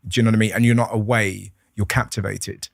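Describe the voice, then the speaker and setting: A man, a comedian guest chatting on a podcast, telling animated stories, acting out voices and swearing freely. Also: lowish voice, quick pace, gravelly, dry recording, studio quality. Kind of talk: casual podcast conversation.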